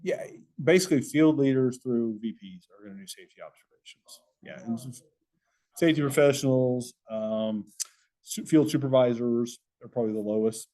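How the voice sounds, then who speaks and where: A middle-aged man with a drawl presents to a room of professionals in an easygoing, explanatory way. His voice sits at an ordinary middle pitch, and he walks listeners through examples as he goes. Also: normal speed, dark tone. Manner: conversational and explanatory. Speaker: safety presenter. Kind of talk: conference presentation with audience Q&A.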